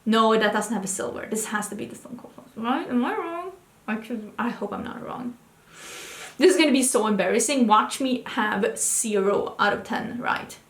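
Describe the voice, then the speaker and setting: A young adult woman vlogger chatting casually and thinking aloud, excitable and full of questions. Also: a little high, normal speed. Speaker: beauty vlogger. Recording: roomy echo.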